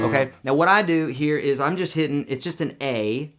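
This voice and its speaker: A man's voice: on the high side, moderate pace, few pauses. A man teaching a song on guitar in a live stream, talking casually and breaking into sung lines. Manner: casual, chatty explaining with sung demo lines. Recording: loud guitar playing behind voice.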